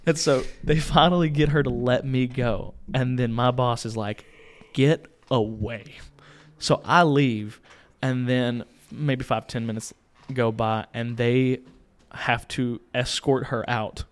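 A young man, a podcast co-host, casually telling a story in a small home studio, animated, acting out voices and laughing. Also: mid-range voice, slow, smooth. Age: young adult.

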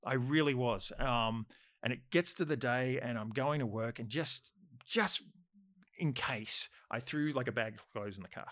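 A man's voice: mid-range voice, a little slow, a bit bright, no echo, clean studio sound. A man with an Australian accent telling a long, rambling story, full of fillers. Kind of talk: casual chat anecdote.

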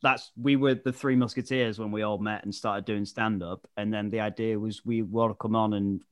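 A man's voice: on the low side, normal speed, dry recording, clean studio sound. A man with a Northern English accent co-hosting a podcast over a video call, joking and swearing in casual chat. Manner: jokey, swearing, excitable. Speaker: podcast co-host.

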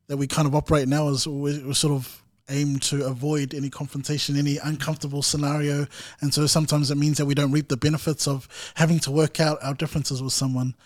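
A man hosting a podcast interview, who asks thoughtful questions in a measured way with frequent ums. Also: a little high, flat delivery, no room sound. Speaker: podcast host, student teacher. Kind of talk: casual interview.

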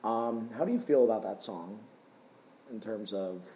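A man co-hosting a casual film review podcast, talking in an animated way and slipping into silly voices. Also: on the low side, a little slow, echoey room, a little hiss or hum. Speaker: podcast co-host.

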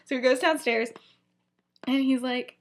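A young woman with a high-pitched voice speaks at a measured pace. She's co-hosting a podcast, casually retelling a story in a rambling, giggly way packed with fillers.

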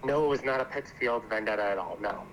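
A man calling into a podcast to air grievances, halting and repeating words, heard through a weak, quiet microphone. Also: medium pitch, poor audio. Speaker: caller. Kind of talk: casual podcast chat. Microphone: weak, quiet phone mic. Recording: quiet call line with faint noise.

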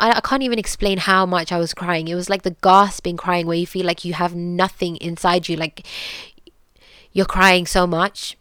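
A woman's voice: lowish voice, fairly bright tone, smooth, dry recording. A young woman with a British accent tells a personal story earnestly, with many fillers and restarts. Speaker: podcast guest sharing her story.

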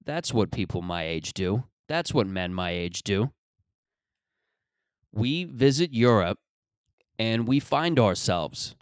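A man's voice: lowish voice, expressive, slow pace, pauses often, dry recording, studio quality. A man from Mississauga, Canada, hosting a podcast and rambling through a sarcastic, profane comic monologue full of restarts. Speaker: podcast host.

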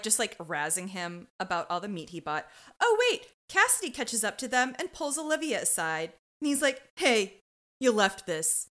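A woman's voice: medium pitch, pushed and bright. A woman co-hosting a podcast, chatting casually and playfully acting out little voices. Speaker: podcast co-host. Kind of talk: casual recap chat.

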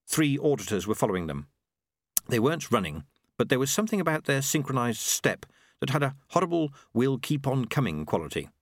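Lively man narrating an audiobook. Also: medium pitch, a little fast, no room sound, studio quality. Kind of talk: scripted narration.

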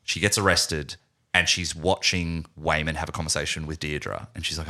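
A man's voice: very deep voice, little pitch movement, normal speed, sharp tone. An Australian man co-hosting a casual film podcast, talking animatedly with laughs and swearing. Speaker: podcast co-host.

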